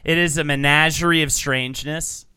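A man hosting a casual comedic podcast, excitable and quick to swear, often breaking into shouts. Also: a little high, clean tone, dry recording, studio quality. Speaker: podcast host.

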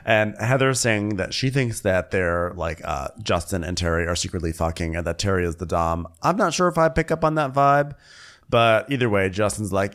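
Animated male podcast co-host. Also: lowish voice, normal speed. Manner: laughs often, mimics people in raised voices. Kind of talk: comedic recap chat.

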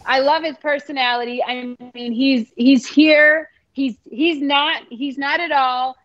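An enthusiastic woman chats as a podcast co-host, leaning hard into her points. Her voice is somewhat high. The sound is a little dull and dry. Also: steady tone, a little slow, dry recording. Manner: enthusiastic, emphatic. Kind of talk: casual sports chat.

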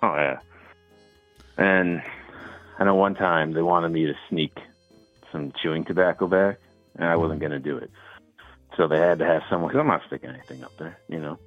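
Homem de voz muito grave ao telefone. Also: male voice, very deep voice, normal speed, long pauses, no echo, soft background music. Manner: laid-back storytelling with filler words. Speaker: caller. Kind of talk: casual phone call. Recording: tinny phone line.

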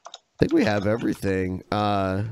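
A man hosting a live podcast, reading viewer messages aloud with casual fillers and pauses between them. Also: on the low side, huge pitch swings, darkish tone, a little hiss or hum. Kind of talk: casual live-stream chat. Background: panel of co-hosts.

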